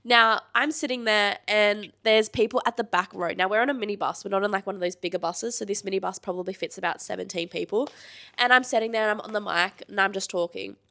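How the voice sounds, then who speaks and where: A woman's voice: medium pitch, bright, forceful tone. A woman co-hosting a podcast, chatting casually and telling a story from her job. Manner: conversational, quick interjections. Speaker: podcast co-host, trip manager.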